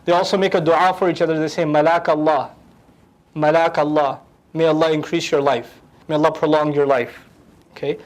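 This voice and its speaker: A man teaching a lecture on the language of the Quran, animated and humorous, acting out quotes. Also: a little high, quick pace, rough recording.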